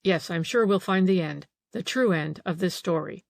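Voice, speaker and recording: A woman reading an audiobook, voicing a small, gentle old male detective who questions politely. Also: fairly low pitch, moderate pace, gravelly, no echo. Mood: pressing.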